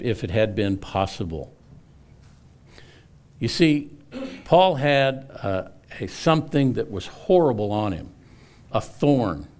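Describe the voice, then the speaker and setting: A man's voice: mid-range voice, darkish tone. A middle-aged male pastor preaching a sermon, earnest, often repeating words and rising for emphasis.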